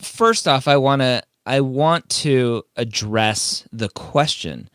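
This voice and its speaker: A man's voice: medium pitch, takes it slowly, a bit bright, smooth, no room sound, studio quality. A man hosting an advice podcast in a casual, emphatic way, firing off rhetorical questions. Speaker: podcast host.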